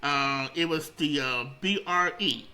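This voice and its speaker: A middle-aged radio founder, interviewed casually, tells stories as an animated storyteller, rambling, repeating words, and restarting as he goes. His voice sits on the high side and is unhurried, in a rough recording.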